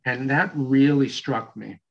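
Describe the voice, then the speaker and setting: An older man with a Boston accent tells a story in a relaxed interview, circling back with plenty of fillers and restarts. His voice sits in a middle register, and the audio sounds somewhat dull and muffled. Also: mid-range voice, slow. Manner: rambling, with many fillers and restarts. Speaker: guest, lacrosse coach.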